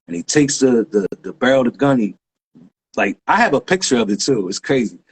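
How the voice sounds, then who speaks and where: A man, a graffiti writer guest telling a story in lively street slang with sound effects. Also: medium pitch, a little fast, breathy edge. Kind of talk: animated storytelling.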